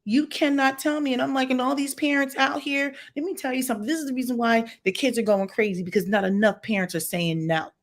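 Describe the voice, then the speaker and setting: A woman giving blunt, opinionated reaction commentary on a livestream, talking straight to her viewers with emphatic, lively delivery. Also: sits high, fast talker, few pauses. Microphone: home livestream setup.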